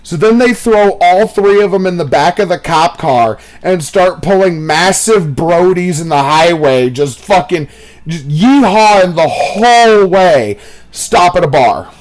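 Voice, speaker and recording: Animated young man telling gaming stories. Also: sits high. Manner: animated, storytelling, profane. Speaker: gaming commentator. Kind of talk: casual gaming chat.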